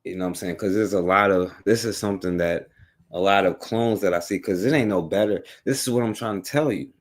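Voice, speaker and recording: A man with a lowish voice hosts a talk radio show. He comments on politics casually and keeps tossing rhetorical questions at the listener. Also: brisk. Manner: conversational, rhetorical, many "right?" and "you know what I'm saying".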